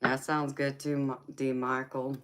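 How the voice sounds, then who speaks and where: A woman chats casually with her livestream viewers. Her voice sits very low and she talks at an unhurried pace. She laughs often and calls people honey and sweetheart. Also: level tone, slight background noise. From United States. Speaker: livestream host.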